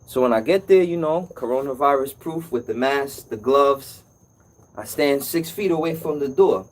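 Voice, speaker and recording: A man hosting a casual live-stream call-in show as an appliance repair technician, telling stories in an animated way. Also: medium pitch, normal speed, poor audio. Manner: animated storytelling, acts out customer's voice.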